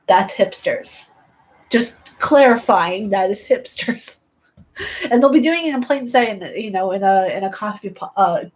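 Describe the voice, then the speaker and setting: A woman chatting casually with her live-stream viewers, sarcastic and rambling, often breaking into giggles. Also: medium pitch.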